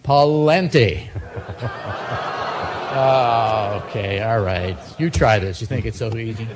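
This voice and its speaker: A man's voice: lowish voice, measured pace, background noise. A man doing a stand-up monologue of joke news headlines, dry and self-mocking between the punchlines. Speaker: comedian.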